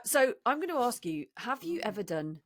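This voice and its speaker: A woman's voice: a little high, big pitch swings, normal speed, heavy background noise. A woman co-hosting a comedy podcast in casual, playful chat. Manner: playful, giggly, fumbling for words. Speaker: podcast co-host.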